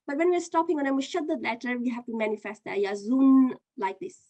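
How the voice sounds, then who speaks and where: A woman's voice: high-pitched, lively intonation, quick pace, darkish tone. A woman teaching an online Qur'an reading lesson, patiently explaining step by step and running a quiz.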